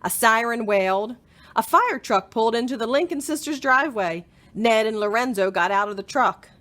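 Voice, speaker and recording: A woman librarian reading a children's chapter book aloud in an expressive storytelling manner. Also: a little high, normal speed.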